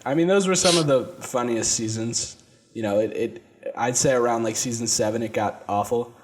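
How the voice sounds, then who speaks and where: A man's voice: medium pitch, normal speed, a loud crowd. A man hosting a podcast, chatting casually and laughing often. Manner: laid-back, laughs often. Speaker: podcast host. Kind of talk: casual chat. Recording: faint hiss behind.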